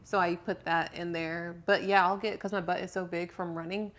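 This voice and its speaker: A young woman co-hosting a casual podcast, telling candid stories with giggles and animated bursts. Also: on the low side, normal speed, a little hiss or hum. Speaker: podcast co-host, personal trainer. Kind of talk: casual chat.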